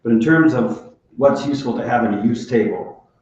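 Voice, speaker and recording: A man speaking as a city alder at a committee meeting, talking in a deliberate, measured way with some restarts. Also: mid-range voice, darkish tone, slight background noise. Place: council chamber. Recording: echoey council chamber, dull sound.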